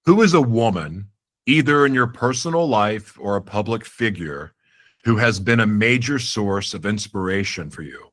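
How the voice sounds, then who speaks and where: A man's voice: on the low side, lively intonation, moderate pace, a bit bright. A man hosting a podcast interview, giving short affirming reactions and asking open questions. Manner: affirming, brief reactions, self-correcting with a laugh. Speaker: podcast host. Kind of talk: interview host.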